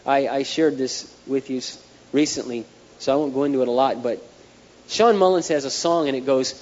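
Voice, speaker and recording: Animated male pastor in an echoey hall. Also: medium pitch, fairly quick. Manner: animated storytelling, numbered points. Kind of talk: sermon. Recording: dull echoey hall recording, faint hiss.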